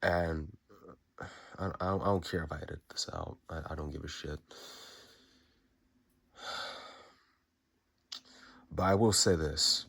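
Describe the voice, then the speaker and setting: A man speaking an unscripted, emotional message while fighting back tears, halting and repeating his words and swearing casually. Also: very deep voice, steady tone, creaky, a bit bright, slightly rough. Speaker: fan recording a tribute message.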